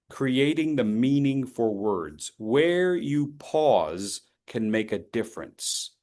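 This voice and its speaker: With a medium-pitched voice, a man leads participants in an online public speaking workshop, demonstrating by moving between loud and soft delivery.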